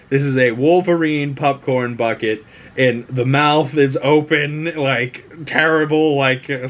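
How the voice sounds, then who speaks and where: Excitable, cussing podcast guy. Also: mid-range voice. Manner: excitable, profane, laughs at his own jokes. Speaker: podcast host. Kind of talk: casual solo movie news chat.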